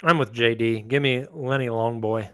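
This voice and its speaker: A man's voice: medium pitch, steady tone, normal speed, sharp tone, clear, resonant tone, dry recording, studio quality. A man hosting a casual sports podcast, upbeat as he steers the panel through topics. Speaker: podcast host.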